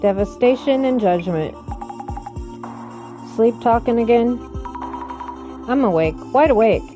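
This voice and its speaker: A woman's voice: fairly high pitch, animated, a little slow, muffled recording, over music. A woman reading a game's dialogue aloud, voicing every character in turn with dramatic reads. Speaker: let's play narrator reading all characters.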